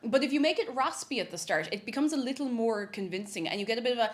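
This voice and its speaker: A woman's voice: fairly high pitch, expressive, quick pace, very noisy. Young aussie lady streamer chatting away, voice bounces all over. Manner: chatty, greets viewers, makes silly animal noises. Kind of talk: casual live-stream chat while cooking.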